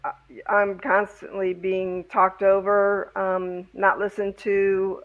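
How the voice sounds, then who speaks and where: A woman guest speaking slowly and haltingly in a casual interview. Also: medium pitch, completely flat delivery, narrow, tinny audio. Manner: slow, halting, measured.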